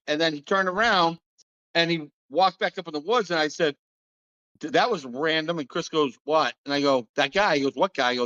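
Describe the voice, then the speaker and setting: Podcast host, male, lively storyteller, slightly high voice, dull lo-fi sound. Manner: animated storyteller, acts out quotes in a higher voice, laughs often. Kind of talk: casual storytelling chat.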